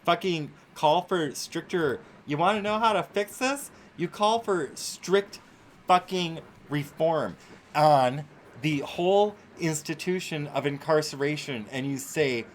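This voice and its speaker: A man's voice: fairly high pitch, measured pace, a little hiss or hum. A male host ranting through live-streamed commentary, exasperated and swearing freely.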